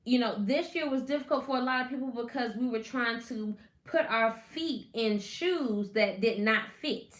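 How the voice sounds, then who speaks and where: A woman's voice: a little high, normal speed, hardly any pauses. Woman host, casual live-stream chat, chatty, greets viewers by name, roomy echo. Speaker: podcast host. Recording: echoey room.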